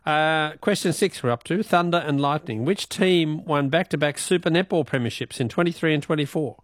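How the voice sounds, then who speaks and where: Playful Australian radio quiz host. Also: male voice, a little high, fairly quick, dry recording, studio quality. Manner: laughs often, playful teasing. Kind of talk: casual radio talk.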